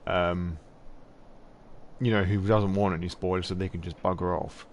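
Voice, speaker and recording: Guy with a lowish voice chatting away on his stream, swears a lot, laughs a lot, bit of faint hiss behind. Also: steady tone, normal speed. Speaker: live-stream host. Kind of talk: casual live-stream chat.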